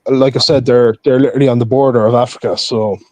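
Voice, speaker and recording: A man's voice: mid-range voice, steady tone, quick pace, darkish tone, dry recording. A man in a heated live-stream debate, arguing aggressively, talking over others and hurling insults over a video call. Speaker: debate participant. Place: Europe.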